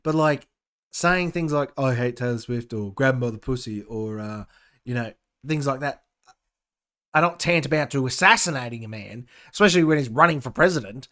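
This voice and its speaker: A young Australian man runs a casual opinion podcast in an animated, sharp-toned, mid-range voice at normal speed. Sarcastic and ranting, he reads news items and keeps interjecting his own comments.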